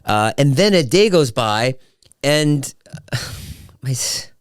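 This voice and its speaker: Lively, self-mocking man in his fifties. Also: medium pitch, slow pace, clear, resonant tone, dry recording, studio quality. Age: 50s. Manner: chatty and self-mocking, with playful voice swings. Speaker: podcast host. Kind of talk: casual solo podcast chat.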